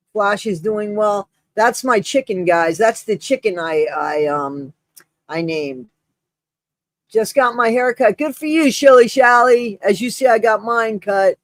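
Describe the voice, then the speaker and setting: A man's voice: sits high, no echo. A man hosting a casual live stream, effusive and rambling, greeting viewers by name while short of breath. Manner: effusive, rambling, with many restarts and shout-outs.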